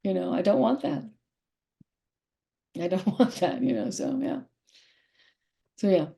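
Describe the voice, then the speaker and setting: A woman's voice: on the low side, sing-song, a little slow, creaky, warm tone. A middle-aged woman speaking candidly as an interview guest, emotional and rambling, often repeating herself.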